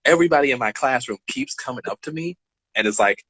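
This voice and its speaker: A man in his twenties co-hosting a podcast, telling stories in a casual, animated way and acting out the dialogue. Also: medium pitch, quick pace, husky, no room sound, poor audio. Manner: animated, acts out dialogue, laughs between lines. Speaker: podcast co-host. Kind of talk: casual storytelling chat.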